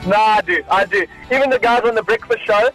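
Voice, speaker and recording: A man's voice: high-pitched, a little fast, a bit bright, faint music behind, rough recording. A South African man calling in to a radio show, good-humoured and laughing easily. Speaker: caller. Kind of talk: casual call-in chat.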